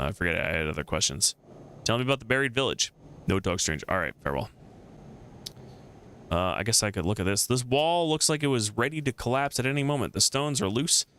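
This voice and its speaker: A man's voice: lowish voice, a bit bright, slight background noise. A man streaming a game, casually thinking aloud and reading the text on screen.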